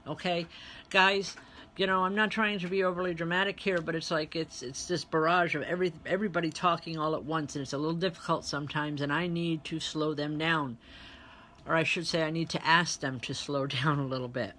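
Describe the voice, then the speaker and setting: A woman medium giving a live online reading, chatty and direct with her viewers. Her voice is bright and forward. Faint noise sits behind her. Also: sits low, fairly even intonation, fast, hardly any pauses. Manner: chatty, speaks straight to online viewers, relays spirit messages. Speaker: spiritual medium and reverend.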